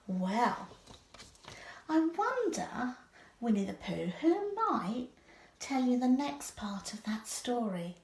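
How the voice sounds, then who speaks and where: Slow, lively teacher reading a storybook. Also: female voice, on the high side. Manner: gentle, expressive read-aloud. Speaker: primary school teacher. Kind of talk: storybook read-aloud for children. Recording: echoey room.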